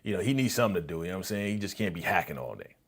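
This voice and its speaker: A man's voice: low-pitched, big pitch swings, very fast. A man hosting a live-stream reaction show, recapping an episode and reading chat in a laid-back way full of fillers.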